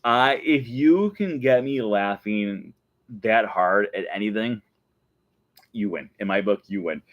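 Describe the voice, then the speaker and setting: A man with a lowish voice chats excitedly in a casual vlog and keeps breaking into giggles. The sound is close and dry, with no room around him. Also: takes it slowly, dry recording, muffled recording. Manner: excited, animated storytelling. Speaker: show host.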